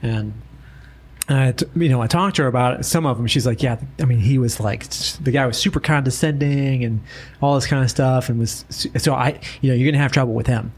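A man co-hosting a relaxed podcast and chatting with a colleague. He tells stories with energy and slips into the voices of the people he quotes. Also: medium pitch, a little fast, husky. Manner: animated storyteller, acts out quoted voices. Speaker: co-host. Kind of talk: casual podcast chat.

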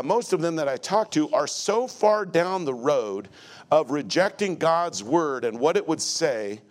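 Blunt, emphatic male pastor preaching. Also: fairly high pitch. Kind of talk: sermon. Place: church sanctuary before a congregation.

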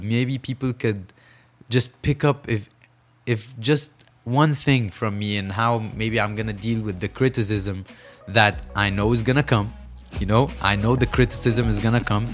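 In a fairly low voice, a young Saudi professional boxer talks sincerely during a reflective interview conversation, repeating phrases to stress his points.

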